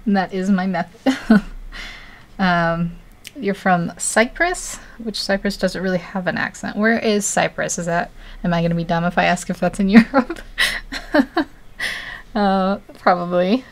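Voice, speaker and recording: A woman's voice: medium pitch, a little slow. An American woman streaming live as she draws, chatting casually, laughing often and poking fun at herself. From United States. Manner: giggly, laughs often, self-deprecating. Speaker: artist livestreaming. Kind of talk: casual chat while drawing.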